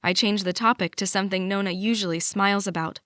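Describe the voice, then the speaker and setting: A young adult woman narrating a first-person audiobook in a measured, emotive way. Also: medium pitch, steady tone, a bit bright, no room sound, clean studio sound.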